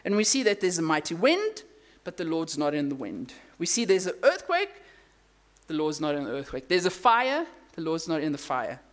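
A pastor gives a sermon in a mid-pitched voice. Big words jump up in pitch, and key lines drop to a hushed, quiet tone. Casual asides and self-corrections keep the sermon conversational. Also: normal speed. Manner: animated storytelling with emphatic rises and hushed drops.

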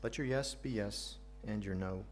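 A man's voice: on the low side, normal speed, faint music behind. An American man preaching a sermon to a congregation, earnest, asking questions and adding light jokes. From United States. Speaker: pastor.

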